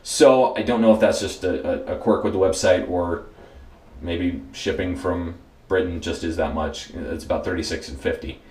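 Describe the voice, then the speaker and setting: A relaxed man talks through a product review in a low, unhurried voice. He leans on repeated words and loose fillers as he goes. The recording is roomy, with plenty of echo around him. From United States. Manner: easygoing, repeats words for emphasis, frequent fillers. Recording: roomy echoey room.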